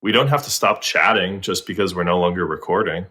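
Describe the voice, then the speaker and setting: A man's voice: low-pitched, brisk, sharp tone. A man co-hosting a podcast in casual comedic chat, talking in a slangy, laid-back way. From United States. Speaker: podcast co-host.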